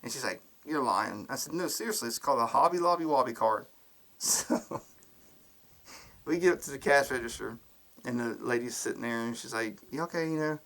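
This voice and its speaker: Gravelly man telling rambling stories. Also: medium pitch, expressive, brisk, a bit bright. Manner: rambling, laughing at his own stories. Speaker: podcast co-host. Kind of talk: casual storytelling chat.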